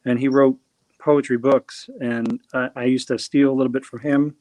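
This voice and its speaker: A man's voice: mid-range voice, little pitch movement, moderate pace, a little mellow, no echo. A man from New Jersey, a singer-songwriter guest, talking casually in an interview, rambling with many fillers and restarts.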